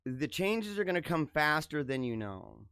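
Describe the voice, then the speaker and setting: A man's voice: on the high side, big pitch swings, moderate pace, fairly bright tone, clear, resonant tone, dry recording, clean studio sound. A middle-aged man hosting his own live show, talking casually in a joking, emotional way with many restarts. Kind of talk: casual live-stream monologue.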